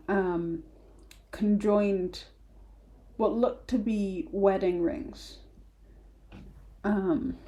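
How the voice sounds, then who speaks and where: Woman, game master, slow and mellow, casual and halting. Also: fairly low pitch. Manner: casual, hesitant, many fillers. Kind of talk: narrating a tabletop game.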